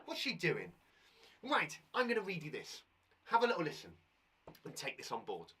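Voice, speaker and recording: A British man teaching young children live over the internet, his voice a little husky and pitched fairly high. He talks to the kids at home with lots of rise and fall, and he reads the story aloud slowly. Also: distant mic. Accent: British English. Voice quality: husky, animated. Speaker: primary school teacher. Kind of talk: live online lesson for children.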